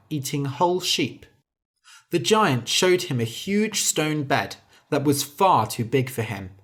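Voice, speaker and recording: A storyteller reading a fairy tale aloud slowly and clearly for English learners. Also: medium pitch. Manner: slow, clear, lively delivery.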